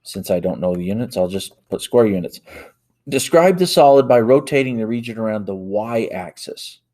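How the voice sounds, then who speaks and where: Warm and animated, a man with a fairly low voice teaches a math lesson at a moderate pace. He solves problems step by step aloud while typing into a calculator, self-correcting along the way.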